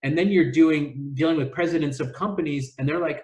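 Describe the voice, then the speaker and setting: In an echoey room, a middle-aged travel agency owner appears as a podcast guest, telling stories in a casual interview. His voice is a little high, a little fast, and a little mellow, and he rambles with many restarts and fillers.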